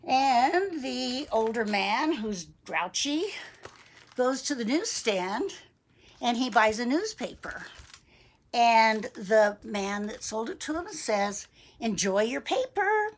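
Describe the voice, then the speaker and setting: A woman reading a picture book aloud to young children, gentle and chatty, asking them questions. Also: on the high side, expressive, slow pace. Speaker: storybook reader for young children.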